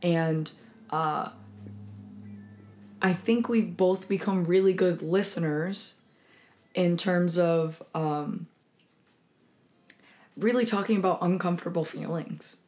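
A woman in her twenties co-hosts a podcast, speaking slowly in a lowish voice with long pauses. She chats casually and candidly, acting out quotes as she tells her stories in an animated way.

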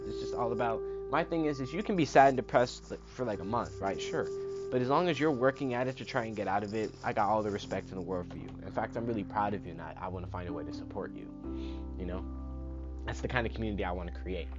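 A man's voice: fairly low pitch, fast. A man hosting a podcast in a casual motivational talk, emphatic, swearing now and then and tagging his points with "right?". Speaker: podcast host. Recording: muffled lo-fi with guitar music behind.

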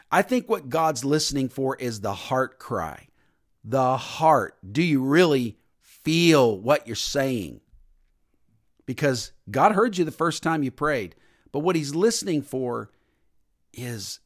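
Pastor, man, slightly high voice, sermon delivery, repeats key points for emphasis. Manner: preaching with emphatic repetition and sudden soft drops.

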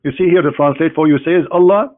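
A man's voice: fairly high pitch, fast. Mocking man on a tinny line. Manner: mocking, teasing, repeats phrases for emphasis. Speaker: host debating a caller. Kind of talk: argumentative religious debate call. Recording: phone-like narrow band.

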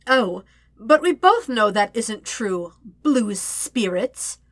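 A woman's voice: a little high, very animated, slow, dry recording, clean studio sound, exaggerated voice. A woman voicing a cruel, gloating teenage princess who taunts in a sing-song croon, in an audiobook-style fiction reading.

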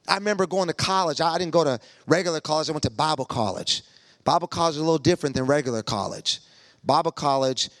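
Preacher, man, fairly high gravelly voice, lively comic storytelling, dry close sound. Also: dry recording. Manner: animated, acts out every voice in his stories.

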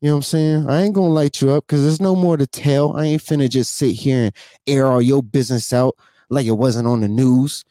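A man's voice: mid-range voice, steady tone, fairly quick, mellow, no room sound, studio quality. A man in his thirties ranting emotionally to camera, profane and repetitive, tearful and sighing, again and again asking if you know what he means. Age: 30s. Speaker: vlogger. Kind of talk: emotional unscripted rant to camera.

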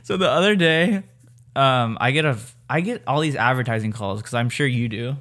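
A man's voice: mid-range voice, moderate pace, fairly bright tone. A young man in casual podcast chat, laid-back and slangy, often laughing.

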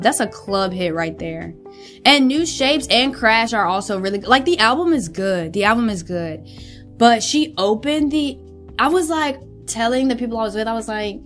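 Gushing young woman, lively pitch. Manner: gushing, expressive, swearing freely. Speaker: podcast host. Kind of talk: casual chat.

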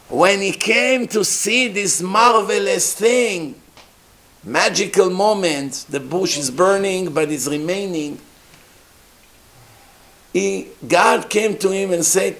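A man telling stories in an animated sermon, acting out the characters. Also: sits high, takes it slowly. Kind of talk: storytelling sermon.

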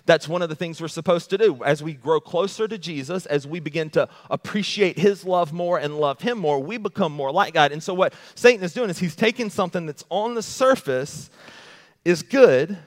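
A man's voice: fairly high pitch, moderate pace. Man preaching in a reverberant hall. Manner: animated preaching with rhetorical questions. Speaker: pastor. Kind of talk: sermon.

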